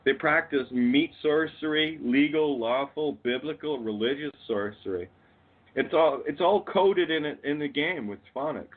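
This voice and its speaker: A man's voice: on the high side, moderate pace, husky. Canadian guy on a call-in show ranting and cussing, laughs a lot, sounds thin like a phone call. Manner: swearing, laughing, confrontational. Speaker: guest on a call-in radio show. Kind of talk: rambling profane rant. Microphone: phone or call line. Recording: tinny phone-line audio.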